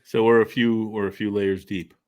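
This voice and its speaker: A man's voice: lowish voice, flat delivery, moderate pace, darkish tone. A man co-hosting a casual sports podcast over a remote call, joking and conversational. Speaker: podcast co-host. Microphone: remote call setup.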